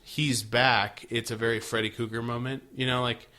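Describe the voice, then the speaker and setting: Male podcast co-host, bright and punchy tone, loose and profane while recapping. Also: medium pitch, flat delivery, fast, clean tone. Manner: laid-back, swears, acts out characters' lines. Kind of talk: casual recap chat.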